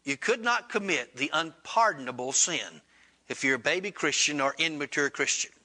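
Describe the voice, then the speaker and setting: A man preaches a sermon with lively intonation, a moderate pace and a sharp tone. He retells a story in plain, folksy speech, acting out both sides of the dialogue. His pitch rises as he voices the exchanges, and his grammar is Southern and colloquial.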